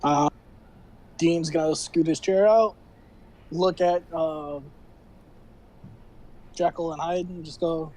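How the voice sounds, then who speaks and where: A man's voice: a little high, steady tone, slow pace, pauses often, mellow. A man playing a tabletop game, describing his character's actions casually. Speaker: player.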